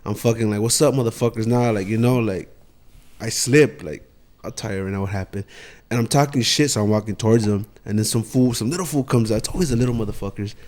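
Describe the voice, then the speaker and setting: A man's voice: on the low side, fast, darkish tone. A young man co-hosting a podcast, telling a story in casual slangy chat with lots of swearing and restarts. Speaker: podcast co-host.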